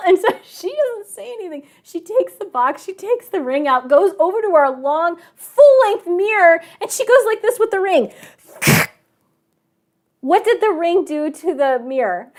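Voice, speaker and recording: A woman teacher telling a lively story to her online class, chatty and animated, with frequent laughing asides, over a video call. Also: very high-pitched, unhurried. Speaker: math and science teacher.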